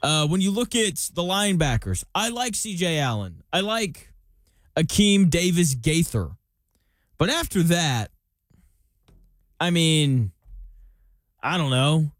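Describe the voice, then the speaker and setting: A man's voice: a little high, animated, takes it slowly, long pauses, dry recording. A man hosting a casual sports talk show, chatting through team analysis with jokey comparisons and reading out listener questions. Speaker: sports podcast host.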